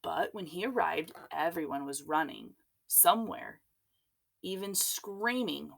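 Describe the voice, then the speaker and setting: Slow, expressive woman reading a storybook. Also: sits low, gravelly. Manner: expressive, unhurried. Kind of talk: children's storybook read-aloud.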